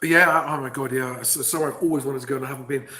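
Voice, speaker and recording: A man's voice: medium pitch, steady tone, quick pace, sharp tone. A man hosting a casual chat, reading out viewer comments and laughing often. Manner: chatty, laughs often, reads comments aloud. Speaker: host.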